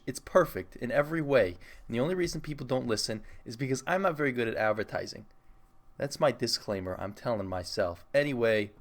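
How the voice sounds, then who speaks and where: A young man hosting a solo podcast, chatting casually in a rambling, self-mocking, jokey way. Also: medium pitch. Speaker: podcast host.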